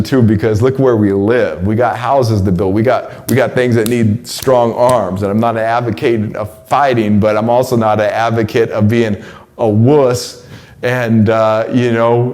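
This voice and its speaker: A man in his forties giving a casual spoken monologue, slangy and stumbling over repeated words, his voice climbing when he gets excited. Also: lowish voice. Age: 40s. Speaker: host delivering a weekly message.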